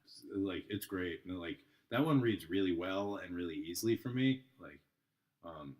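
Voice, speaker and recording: A relaxed man with a lowish voice swaps stories on a podcast. His talk is loose and filler-heavy, and he acts out the people in his stories. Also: moderate pace. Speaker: podcast guest, tarot reader. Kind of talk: casual storytelling chat.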